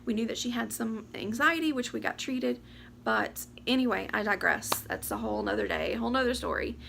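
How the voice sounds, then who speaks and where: A woman, talking to camera about her year. She rambles, talks fast and fights back tears. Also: on the high side, creaky, background noise. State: teary, close to crying. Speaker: vlogger. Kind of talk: casual chat to camera. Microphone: camera or phone mic.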